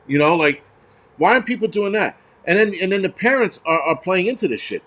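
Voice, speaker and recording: A man's voice: on the high side, animated, fairly quick, fairly bright tone. A man hosting a show, ranting heatedly with lots of swearing and stumbling restarts. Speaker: host. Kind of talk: profane ranting commentary.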